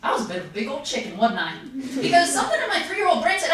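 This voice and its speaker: A young woman performing a stand-up comedy set, self-mocking, with sudden jumps into high voices. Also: big pitch swings, fairly quick, background noise. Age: young adult. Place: comedy stage with live audience. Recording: distant, roomy live recording with loud crowd.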